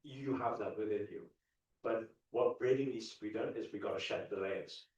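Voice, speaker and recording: A man giving an animated, repetitive motivational talk to a live audience, chuckling often. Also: fairly low pitch, normal speed. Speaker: spiritual coach. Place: large event ballroom. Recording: echoey dull hall sound from far off.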